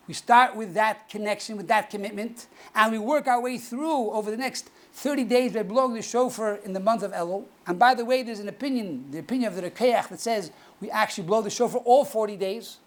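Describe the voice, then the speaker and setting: A man, a rabbi, giving a teaching talk, asking rhetorical questions and repeating phrases, slowing down to stress key words. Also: high-pitched.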